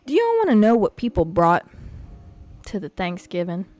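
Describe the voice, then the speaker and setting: A young woman from a Puerto Rican family hosting a podcast, telling a story in a profane, animated rant. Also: mid-range voice, moderate pace, no echo, soft background music. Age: young adult. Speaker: podcast host. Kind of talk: casual storytelling monologue.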